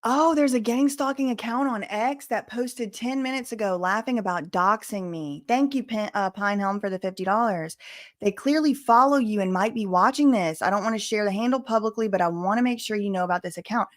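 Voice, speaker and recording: A young woman hosting a casual livestream, reading out donations in an excitable, gushing way and swinging between chatty and emotional. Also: mid-range voice, a little fast. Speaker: livestream host.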